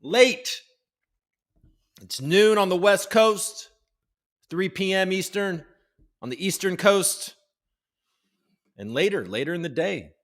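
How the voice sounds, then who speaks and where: Speaking slowly with long pauses, this host of a daily crypto news livestream has a high, fairly bright voice and lively intonation. Using a desk microphone, he keeps his live show casual and jokey, rambling, frequently restarting sentences, and occasionally swearing.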